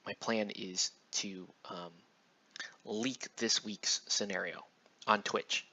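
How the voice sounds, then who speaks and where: A man's voice: fairly low pitch, steady tone, slow pace, pushed and bright, husky. A man casually chatting and rambling while he paints miniatures on a live stream, with loose slangy talk. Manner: laid-back, rambling, slangy. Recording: dull lo-fi stream audio.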